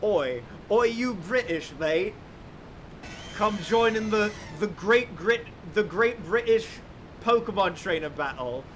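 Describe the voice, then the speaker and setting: A man's voice: very high voice, little pitch movement, a little fast, few pauses, a little hiss or hum, voice pushed up. A man putting on a mocking caricature of a brash British bloke with exaggerated slang.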